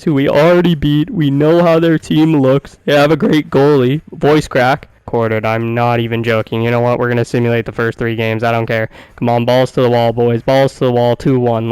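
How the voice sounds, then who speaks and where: A man commentating his own video game as he plays, excitable and profane, swinging from quiet muttering to loud cheering. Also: medium pitch, clear, resonant tone, no room sound, low-quality recording. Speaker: gaming YouTuber.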